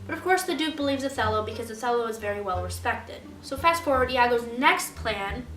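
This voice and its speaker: A woman's voice: fairly high pitch, a bit bright, distant mic. A young woman student retelling a play's plot in a casual, chatty way, full of fillers. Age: young adult. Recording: roomy echo, faint music.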